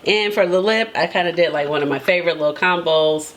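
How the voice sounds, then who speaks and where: Low-voiced chatty woman vlogging makeup. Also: fast, slight background noise. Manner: chatty and emphatic, tags lines with "okay?"; laughs often between remarks. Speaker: beauty vlogger. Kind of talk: casual chat.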